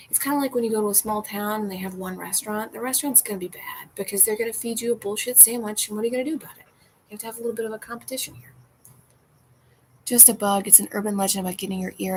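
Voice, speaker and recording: A woman's voice: mid-range voice, darkish tone, a little hiss or hum, rough recording. Rambling woman on a home livestream. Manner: rambling, restarts often, drops into whispers. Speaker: streamer reading chat. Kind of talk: casual livestream chat. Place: her home.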